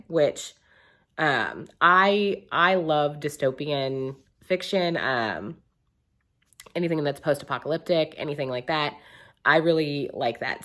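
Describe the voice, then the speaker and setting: A young woman with a low voice talks casually through her monthly book reviews. She rambles, restarts her sentences and fills the pauses with ums.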